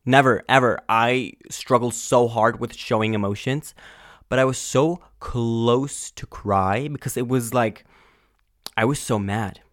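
A male podcast host ranting angrily and profanely in a casual monologue, full of fillers and sudden loud outbursts. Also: medium pitch, measured pace, no room sound, clean studio sound. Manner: angry, exasperated, profane.

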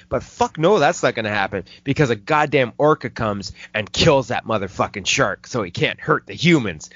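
A man hosting a casual movie review podcast, swearing a lot and rambling excitedly. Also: mid-range voice, moderate pace, few pauses, no echo. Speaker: film podcast host. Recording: dull lo-fi dry recording.

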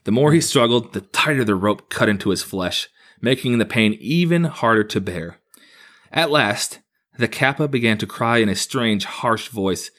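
A man's voice: on the low side, expressive, normal speed, a bit bright. A man reading a folktale aloud to friends, with restarts and casual asides. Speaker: storyteller.

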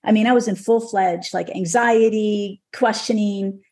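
A middle-aged woman, a horse trainer, telling a personal story on a podcast in an emotional, animated way. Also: medium pitch, a little slow.

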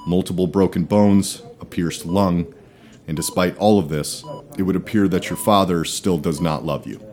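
A man acting in a comedy sketch, with a dry, exasperated deadpan delivery. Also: low-pitched, normal speed, soft background music. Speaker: comedy podcast host.

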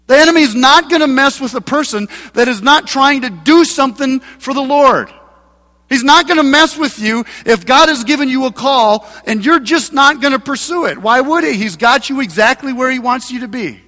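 A male pastor preaching a sermon in a church, emphatic and building to loud passages. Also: very high voice, normal speed. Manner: preaching with rising, emphatic mocking voices for scripture. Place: church sanctuary. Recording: long hall reverb.

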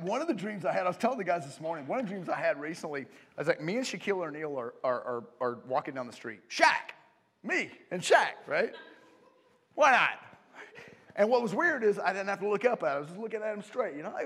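Animated pastor preaching in a reverberant hall. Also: male voice, on the high side. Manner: animated, storytelling, frequent "right?" asides. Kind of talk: sermon. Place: church auditorium.

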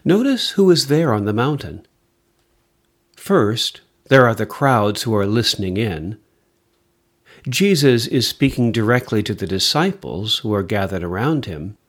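A man reading scripture and preaching a sermon in a measured, expressive way. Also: on the low side. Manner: slow, measured and expressive delivery.

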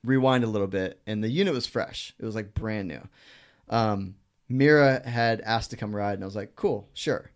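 A man's voice: on the low side, moderate pace. A man casually telling a personal story in a podcast chat. He rambles, fills his talk with "like" and acted-out quotes, and swears freely. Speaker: guest.

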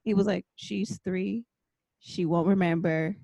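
A woman's voice: on the low side, fairly even intonation, measured pace, vocal fry, dark tone, no echo. A young pregnant woman co-hosting a casual chat show, telling frank self-deprecating stories about motherhood. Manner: candid, self-deprecating storyteller. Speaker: podcast co-host.

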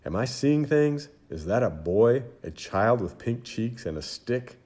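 A man's voice: expressive, dark tone. A man voicing a huge, boastful giant warrior who taunts and laughs at his foe in a children's Bible storybook. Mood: mocking. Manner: booming, taunting, slow menacing laughter. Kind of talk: storybook character voice.

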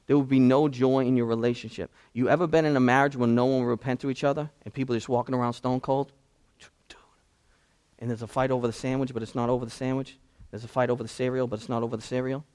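A man's voice: medium pitch, darkish tone. A man, a pastor, preaching a conversational sermon that swings from casual asides to impassioned climaxes.

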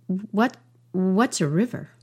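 A woman's voice: mid-range voice, lively intonation, slow, a little mellow, slightly rough. A woman voicing a shy, curious little male mouse in a storybook tale, talking hesitantly and stammering. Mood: timid.

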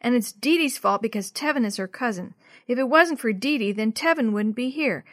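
A woman reading aloud as a frantic young girl with a high, bright voice, shouting for her missing cat. The voice sits dry and close, with no room around it. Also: expressive, fairly quick, no room sound. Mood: sulky. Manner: cries out high and loud.

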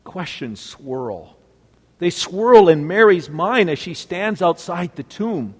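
Male preacher, high-voiced, storytelling with sweeping loud-to-hushed dynamics; long reverb of a hall. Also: animated, slow, breathy edge. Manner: sweeping swings between loud exclamation and hushed near-whisper. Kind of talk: dramatic sermon storytelling.

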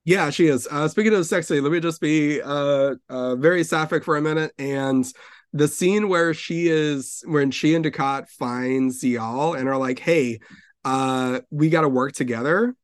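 An enthusiastic podcast co-host in casual chat, voice at an average pitch. This speaker slips into acted-out character lines with gusto. The sound is dry and close-miked. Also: a little slow, clean tone, no echo.

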